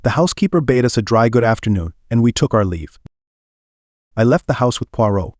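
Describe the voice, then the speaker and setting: A man reading a mystery novel aloud in measured, even storytelling. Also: mid-range voice, dry recording, studio quality. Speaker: audiobook reader. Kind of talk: scripted narration.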